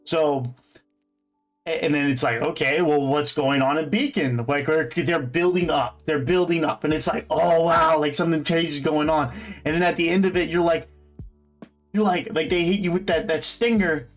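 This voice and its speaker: Young guy, kinda high voice, rambling fan chat about a show, lots of likes and restarts, faint music behind. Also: normal speed. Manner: rambling, full of fillers and restarts. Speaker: host. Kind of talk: casual fan commentary.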